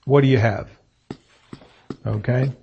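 A middle-aged man preaching an evening sermon in a church room, reading scripture and stressing words deliberately with fillers and pauses. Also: mid-range voice, fairly even intonation, vocal fry, a little hiss or hum. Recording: muffled lo-fi sermon recording.

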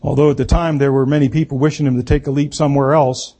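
A man giving a political speech, slow and emphatic, repeating key words for effect. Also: mid-range voice, little pitch movement, dark tone. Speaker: political speaker.

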